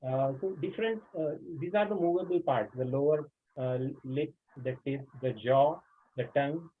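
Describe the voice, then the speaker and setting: Brief: male trainer, slightly high voice, husky edge, webinar lecture over a phone-like line. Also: normal speed. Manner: explanatory, frequent "uh" fillers. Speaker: teacher trainer. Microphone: video call. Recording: tinny phone-like online call audio.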